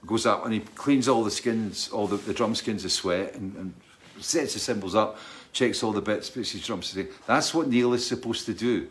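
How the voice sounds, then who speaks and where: A man's voice: lowish voice, normal speed, slight background noise. A man who is a touring musician, telling a casual, rambling anecdote, keeps checking in with "right?" and laughing.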